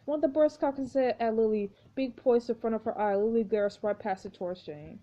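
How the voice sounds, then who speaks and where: A woman reading a mobile story game aloud for a walkthrough, in steady, hushed narration. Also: a little high, a little fast, lo-fi sound.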